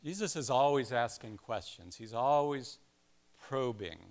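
A man's voice: medium pitch, lively intonation, unhurried, a little mellow, slight background noise. An older man preaching a sermon in a conversational way, with self-deprecating asides and personal stories. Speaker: pastor.

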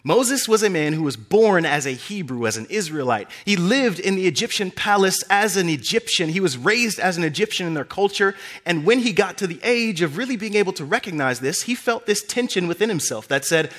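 A young male preacher with a notably high, very animated voice. He tells scripture stories with energy, swooping up and down as he acts out the characters' lines. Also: a little fast, few pauses. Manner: animated storytelling, acting out characters with big pitch swings. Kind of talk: sermon.

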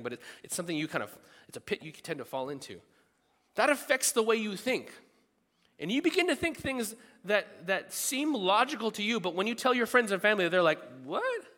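Animated preacher man in echoing hall. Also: high voice. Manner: animated, acts out quoted thoughts with sudden loud bursts. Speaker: pastor. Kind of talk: sermon.

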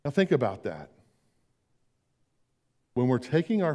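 An older man preaching a sermon as pastor, swinging between emphatic declarations and hushed, slow tender passages. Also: mid-range voice, expressive.

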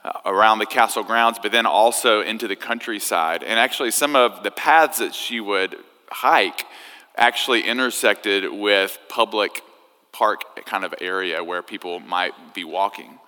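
Pastor in his 30s, chatty storytelling sermon, bright voice, echoey church. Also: fairly low pitch, measured pace. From United States. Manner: conversational, animated storyteller. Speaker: preacher. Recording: echoey hall.

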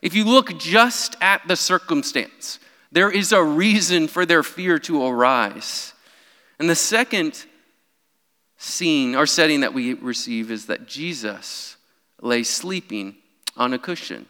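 A young man preaching a sermon in a church, animated, with his voice rising whenever he quotes someone crying out. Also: a little high, slow pace. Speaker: pastor. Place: church sanctuary. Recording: long hall reverb.

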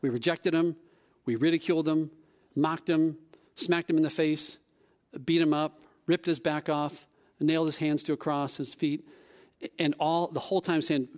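Animated man telling a sermon story. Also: normal speed. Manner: animated storytelling, voice rising when excited; softens and lowers when speaking of grace. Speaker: preacher.

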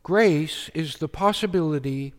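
A man preaching in a church, speaking slowly with emphatic, measured phrasing. His voice sits a little high for a man. The sound carries a long reverb from the hall. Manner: slow, emphatic preaching with quoted scripture. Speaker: pastor. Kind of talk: sermon.

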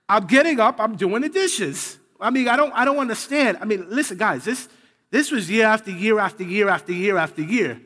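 A man's voice: sits high, expressive, fairly quick, pushed and bright, big-room sound. A man in his thirties preaching a sermon, chatty and personal at first, then building to fervent repeated phrases. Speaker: pastor.

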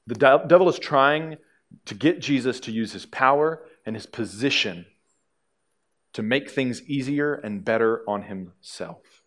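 A man's voice: mid-range voice, a bit bright. A male pastor preaching a sermon to a congregation in a conversational way, with dry humor.

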